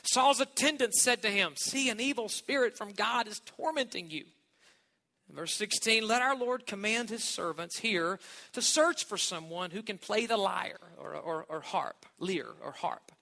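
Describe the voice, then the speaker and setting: Bright high-voiced man preaching. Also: measured pace, gravelly, in a large hall. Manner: emphatic, stretching key words, with light asides. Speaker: guest preacher. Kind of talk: sermon.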